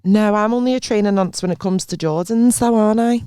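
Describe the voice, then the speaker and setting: A woman, co-hosting a podcast in casual chat with quick teasing one-liners. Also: medium pitch, warm tone, clear, resonant tone, no room sound, studio quality. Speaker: podcast co-host.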